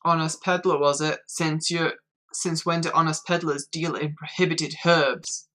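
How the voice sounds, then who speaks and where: A woman's voice: deep voice, fairly even intonation, a little slow, fairly bright tone. A woman with a northern English accent voicing a stern, threatening male guard officer from a game, reading in a menacing way. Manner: stern, menacing, reads game text aloud.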